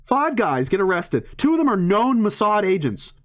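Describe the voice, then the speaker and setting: A man's voice: high voice, very animated, normal speed. A man in a ranting monologue to an audience, swearing often, rambling and breaking into laughs mid-sentence.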